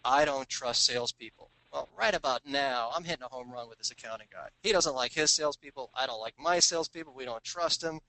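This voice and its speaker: A man tells business war stories in an animated, confiding way, slipping into put-on voices to act out phone calls. His voice is bright and forceful. The recording is dry, with no room sound. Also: medium pitch, fast, hardly any pauses, dry recording, low-quality recording. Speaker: author talking about his sales book. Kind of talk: storytelling business talk.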